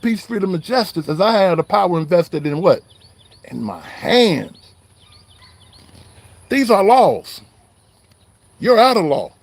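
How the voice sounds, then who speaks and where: Here a man's high voice carries a darkish tone, recorded without echo. He's an online religious commentator in a confrontational mood, riled up and caffeinated as he preaches through a heated online call-out.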